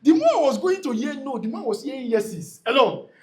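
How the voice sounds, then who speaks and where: A man's voice: extremely high pitch, sing-song, a little fast, darkish tone. A man giving a motivational talk to a live audience at a real estate event. He is emphatic and repetitive and often calls out to the crowd. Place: event hall before an audience.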